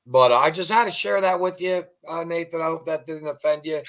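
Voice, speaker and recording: Man, middle-aged, interview host, fairly high voice, rambling storyteller, casual chat. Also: fairly quick, creaky, fairly bright tone. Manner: rambling joke-telling storyteller.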